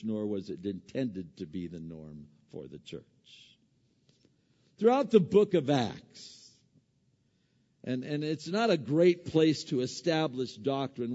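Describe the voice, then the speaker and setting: A man's voice: a little high, mellow. A man preaching a sermon as a pastor, talking in an easy conversational way with many fillers, restarts and joking asides. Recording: echoey hall, dull lo-fi sound.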